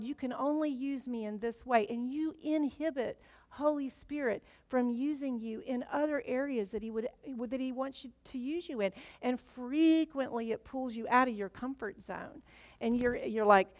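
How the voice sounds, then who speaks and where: A middle-aged woman preaching a sermon, talking it through casually with fillers and restarts. Her voice sits a little high, and the sound is close and dry with no room echo. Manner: conversational, many fillers and restarts.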